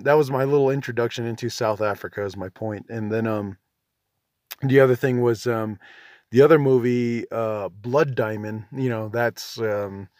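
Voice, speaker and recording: Man, 40s, podcast host, casual rambling monologue, self-deprecating, constant fillers, average pitch, dry close sound. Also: dry recording. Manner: rambling, frequent "you know" and "um" fillers; laid-back, self-deprecating.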